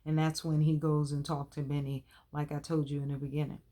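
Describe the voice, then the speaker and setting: A woman's voice: low-pitched, flat delivery, brisk, mellow. A woman in her thirties, hosting a casual recap of a TV episode, talking in a chatty, colloquial and opinionated way. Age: 30s.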